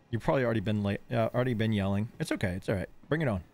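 Expressive and very fast, a man with a fairly low, slightly mellow voice narrates his live game stream. He's on painkillers following dental work, lisping a bit from missing front teeth, and he wanders off on tangents with plenty of giggles.

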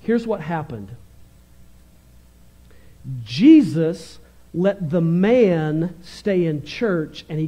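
A male pastor preaching with fervent, animated energy, often swinging from loud bursts to quiet stretches. His voice sits very high for a man. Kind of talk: sermon.

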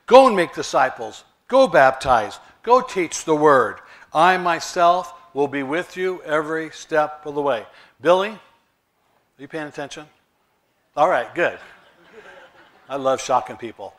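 A man's voice: a little high, fairly bright tone. A male pastor, preaching a sermon in a conversational way with rhetorical questions.

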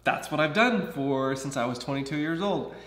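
A man's voice: fairly high pitch, expressive, normal speed, a bit bright. Vlogger, man in his thirties from Southern California, candid and chatty, slightly raised voice, roomy echo on the track. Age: 30s. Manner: chatty, candid, acts out other people's lines. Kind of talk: casual personal vlog.

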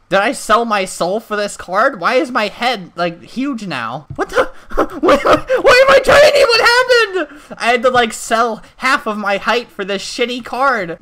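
A man's voice: high-pitched, animated, measured pace, pushed and bright. A man narrating his own gameplay for comedy, crude and sarcastic, with bursts of shrieking mock panic. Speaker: gaming video host.

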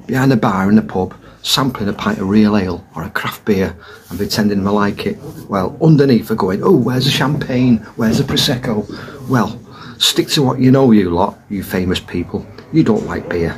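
A man grumbling humorously about pub habits in a casual monologue, recorded in a pub. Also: on the low side. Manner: chatty, grumbling, dry humour. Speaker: pub vlogger. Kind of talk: casual comic monologue to camera.

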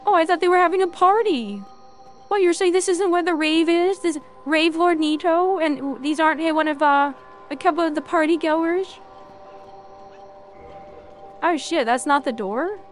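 A woman's voice: very high voice, normal speed, faint music behind. A woman streamer chatting casually and rambling jokingly to viewers while she plays a game. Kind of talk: casual gameplay chat.

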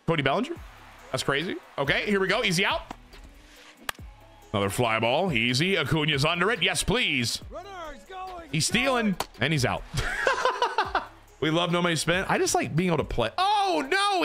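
Streaming a baseball video game, a young man gives loose commentary to his chat in a bright, forceful, medium-pitched voice. Every play draws cheers, groans or swearing from him.

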